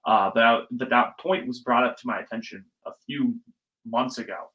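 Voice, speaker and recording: A young man hosting a casual solo podcast, talking in an animated, ranting way and swearing freely. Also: mid-range voice, normal speed, highs cut off. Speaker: podcast host.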